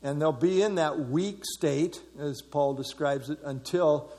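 A man's voice: a little high, a little slow, warm tone, in a large hall. Emphatic man leading a Bible class. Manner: emphatic, expounding verse by verse. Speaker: Bible study teacher.

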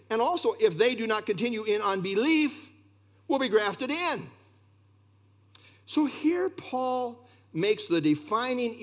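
A middle-aged man preaching an expository sermon, emphatic and animated, often dropping his voice low for effect. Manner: animated, emphatic preaching with sudden drops in volume. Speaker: pastor.

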